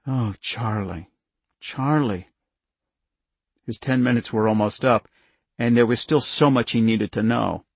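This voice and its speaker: Gravelly, husky male narrator, dry and close. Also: mid-range voice, flat delivery, normal speed, no echo. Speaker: audiobook narrator. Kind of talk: scripted narration.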